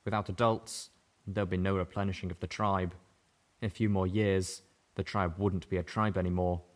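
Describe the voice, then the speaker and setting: Male audiobook narrator, low-pitched, steady first-person delivery. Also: moderate pace.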